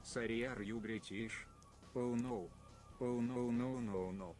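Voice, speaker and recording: A text-to-speech male voice played back quietly on stream, delivering teasing lines. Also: mid-range voice, steady tone, takes it slowly, faint music behind, close to an everyday voice. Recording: faint, distant playback.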